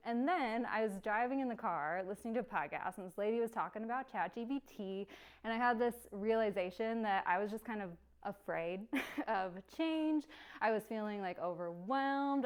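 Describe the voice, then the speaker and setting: A woman's voice: fairly high pitch, clear, resonant tone. Bubbly, chatty young woman presenter. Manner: bubbly and chatty, laughs often. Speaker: workshop presenter. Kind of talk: casual live workshop talk.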